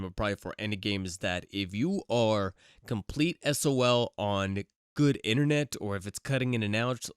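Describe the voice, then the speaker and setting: A man's voice: lowish voice, a bit bright, smooth, no echo, studio quality. A man hosting a podcast, chatting casually and rambling with lots of fillers and restarts, getting over a cold. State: recovering from a cold. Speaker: podcast host. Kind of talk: casual solo podcast chat.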